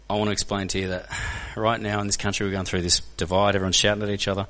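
An Australian man telling stories as a guest speaker to a church crowd, animated and joking, often putting questions to the audience. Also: lowish voice, racing, few pauses. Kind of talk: energetic storytelling talk to a church audience. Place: church hall.

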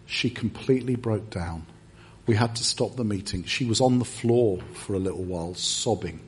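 An English man preaching a sermon in a church, telling stories with lively acted-out quotes. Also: mid-range voice, breathy edge. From England. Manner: animated storyteller, acts out quoted lines. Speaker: guest preacher. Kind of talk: sermon storytelling.

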